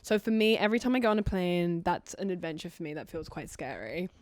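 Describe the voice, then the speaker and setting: A British woman and guest singer in casual chat, talking in a chatty, self-deprecating way with quick restarts. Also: on the low side, lively intonation, no echo.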